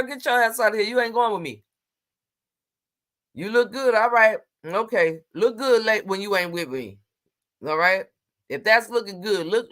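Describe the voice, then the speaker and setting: A woman's voice: sits low, a bit bright. Woman, livestream co-host, casual chat, sassy, emphatic, colloquial, talks back to comments. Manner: colloquial, drawn-out exclamations.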